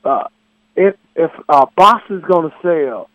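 A man's voice: a little high, expressive, a little slow, no room sound, muffled recording. A man calling in to a sports radio show over the phone, earnest and emphatic. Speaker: radio caller. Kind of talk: call-in radio chat. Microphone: phone line.

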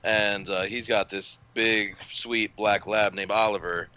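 A young adult man co-hosting a podcast, telling animated stories with stammering restarts. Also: on the low side, measured pace, clean tone, highs cut off. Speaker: podcast co-host. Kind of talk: casual storytelling chat.

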